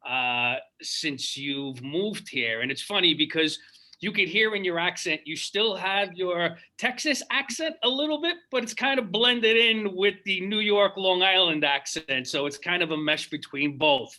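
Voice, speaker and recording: A man's voice: high voice, unhurried, bright, forceful tone. A man hosting an interview, asking long, chatty and curious questions. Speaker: interviewer, host.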